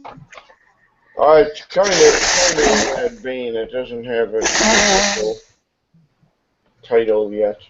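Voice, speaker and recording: Relaxed male game master. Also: medium pitch, slow, vocal fry, pauses often, very noisy. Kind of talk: narrating a tabletop game. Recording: dull lo-fi recording.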